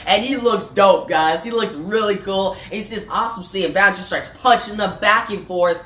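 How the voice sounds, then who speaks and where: A woman's voice: medium pitch, fairly quick, fairly bright tone. Chatty woman recapping comics. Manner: chatty, addresses viewers as guys, many fillers. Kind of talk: casual comic book recap. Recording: echoey room, faint music.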